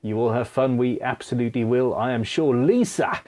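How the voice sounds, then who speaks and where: A man's voice: medium pitch, moderate pace, darkish tone. A man hosting a casual live stream Q&A from his home studio. He reads viewer comments aloud in a chatty, self-deprecating way. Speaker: live stream host and guitar builder.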